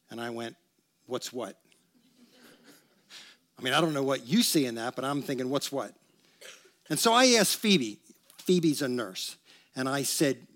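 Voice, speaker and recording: In a church sanctuary, a pastor with a medium-pitched, fairly bright voice preaches conversationally, talking with the congregation, leading them in recitation, and joking along the way in a call-and-response style.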